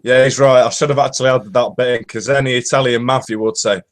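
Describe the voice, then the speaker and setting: A man's voice: mid-range voice, steady tone, quick pace. A British man co-hosting a casual live-stream chat, telling jokes and bantering. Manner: joking banter, tells jokes. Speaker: co-host.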